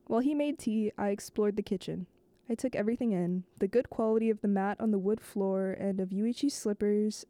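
A woman host reading a novel aloud, slow and measured, now and then stumbling and restarting a phrase. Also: mid-range voice, warm tone, dry recording.

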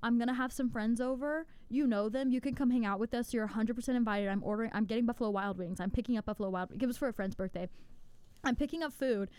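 A young woman on a podcast, chatting casually and telling animated stories. Her voice is smooth and clear, pitched a touch high. It sounds close and dry, with no room around it. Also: dry recording. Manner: animated storytelling with quick exclamations. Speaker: podcast co-host. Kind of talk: casual chat. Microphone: podcast mic on a laptop setup.

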